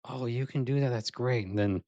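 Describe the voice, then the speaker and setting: A man's voice: medium pitch, fairly quick, mellow, no room sound, lo-fi sound. A man co-hosting a casual spiritual podcast, talking in a laid-back, joking way and chuckling often. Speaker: podcast co-host.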